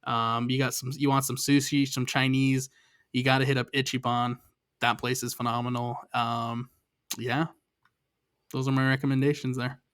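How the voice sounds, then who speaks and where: A man joining a casual soccer podcast as a guest, relaxed and hesitant, with lots of fillers as he gives tips. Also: medium pitch, moderate pace, smooth, no echo, clean studio sound. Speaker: guest from a fan show.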